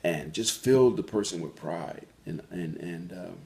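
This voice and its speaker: Alone on his call-in show, a man with a very deep, low voice, a darkish tone and vocal fry delivers an unscripted monologue. He tells his stories sincerely, earnestly and reflectively, often pausing, saying "um," and restarting a phrase before he finds it.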